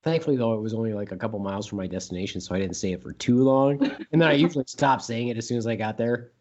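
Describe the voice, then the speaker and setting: A man's voice: lowish voice, fairly even intonation, fast, darkish tone. Rambling man on a podcast, lo-fi. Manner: rambling, repeats funny words in silly voices. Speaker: podcast co-host. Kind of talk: casual chat.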